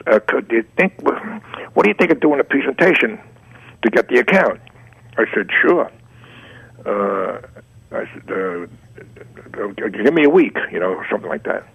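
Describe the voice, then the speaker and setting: An older man spins stories in a low, gravelly, husky voice, stumbling over restarts and acting out what people said. The dry, dull lo-fi radio sound keeps him close and flat. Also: no room sound. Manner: anecdotal, many restarts, acts out quotes. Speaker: guest, advertising art director. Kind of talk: storytelling interview answers.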